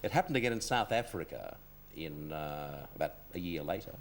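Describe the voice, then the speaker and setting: Fast-talking Australian TV host. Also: male voice, a bass voice, lively intonation, slight background noise. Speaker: TV variety show host. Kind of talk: chatty TV talk show hosting.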